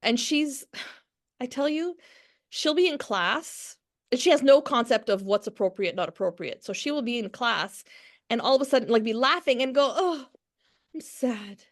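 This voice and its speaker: A woman in her forties, a podcast guest talking candidly in conversation, frank and quick to laugh, with frequent restarts. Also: fairly high pitch, animated.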